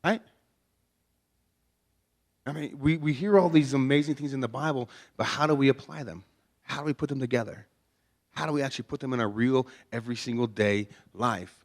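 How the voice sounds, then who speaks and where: A man's voice: medium pitch, a little fast, pauses often. A man preaching a conversational sermon in a chapel, folksy and joking, with many rhetorical questions. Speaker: pastor. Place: chapel before a congregation.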